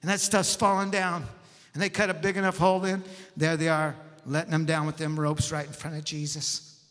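A male pastor preaches a storytelling sermon in a folksy, animated manner, laughing often. His voice sits high. A long church-hall echo follows his words. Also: a little fast.

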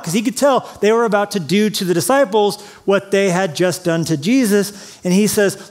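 A man preaching a sermon as pastor, mixing Bible reading with quick jokes and acted-out quotes. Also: high voice, lively intonation. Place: large church auditorium.

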